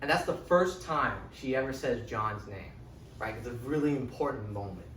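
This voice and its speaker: A young man giving a casual, rambling book recap, animated and full of "like" and "right?". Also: mid-range voice, normal speed, a little hiss or hum. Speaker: lecturer. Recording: echoey room, distant mic.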